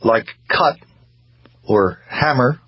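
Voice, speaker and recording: A man voicing a depressed middle-aged man who mumbles in a flat, reluctant monotone, in a read-aloud story. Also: medium pitch, drawn-out words, husky, muffled recording, exaggerated voice. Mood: flat, dull.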